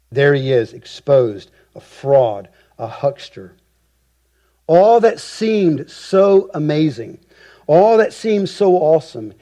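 A man preaching an expository sermon, with emphatic rhetorical repetition and deliberate phrasing. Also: medium pitch, warm tone. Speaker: pastor.

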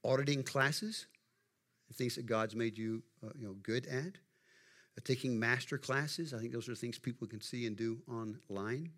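A man's voice: medium pitch, a little slow, fairly bright tone. A middle-aged man preaching a sermon to his congregation in a folksy, conversational way, asking them questions as he goes. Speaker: pastor.

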